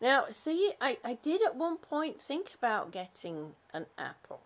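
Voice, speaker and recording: A woman's voice: high-pitched, big pitch swings, measured pace. A worn-out, sleepy woman hosting a casual live stream, reading out viewer comments in a rambling, giggly way. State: exhausted, sleepy.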